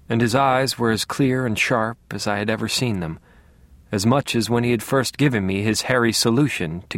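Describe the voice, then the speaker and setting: A man narrating a first-person novel in a measured, wryly dry manner. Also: medium pitch, dry recording. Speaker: audiobook narrator.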